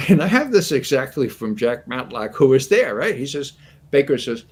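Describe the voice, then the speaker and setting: A man in his eighties, a guest commentator, telling stories in an animated, anecdotal way and chuckling often. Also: mid-range voice, normal speed, breathy edge. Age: 80s. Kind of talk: casual storytelling commentary.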